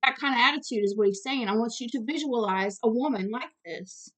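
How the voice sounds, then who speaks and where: A woman's voice: on the high side, a little fast, a bit bright. A woman teaching the Bible, reading scripture aloud and breaking off into direct, earnest commentary, sometimes stumbling over long words.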